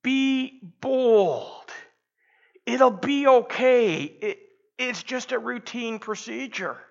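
A man playing a terrified patient who stammers his words out, voice pushed high. The recording is dull and slightly lo-fi. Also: extremely slow, gravelly, full character voice. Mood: frightened.

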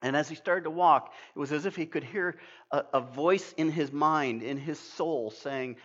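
Older man, sermon, earnest emphatic delivery, fairly high voice, dull lo-fi sound. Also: moderate pace, a bit bright. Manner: earnest, emphatic preaching with restarts. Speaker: preacher. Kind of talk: sermon with storytelling.

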